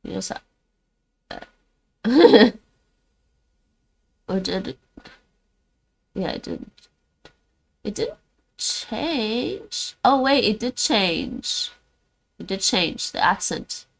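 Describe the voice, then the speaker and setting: A woman's voice: mid-range voice, big pitch swings, slow, creaky, pauses often, a bit bright, low-quality recording. A woman streaming her language practice, thinking aloud and repeating words after an app.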